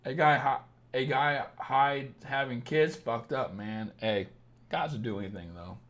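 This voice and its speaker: A man's voice: medium pitch, measured pace, fairly bright tone. A young man with a Southern Illinois accent, a dating coach talking bluntly and profanely on a late-night livestream.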